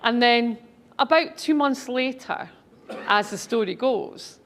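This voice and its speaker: A woman's voice: a little high, takes it slowly, fairly bright tone. A middle-aged woman, a speaker and author, telling anecdotes to an audience in a chatty, enthusiastic way. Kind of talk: storytelling talk to an audience.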